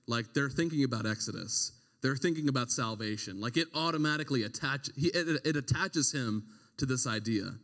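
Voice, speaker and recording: A man's voice: mid-range voice, a little fast, a bit bright. A young man, preaching a casual, conversational sermon as a youth pastor, full of slang and asides. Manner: conversational, slangy, with frequent "like" and "right?". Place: church sanctuary. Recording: long hall reverb.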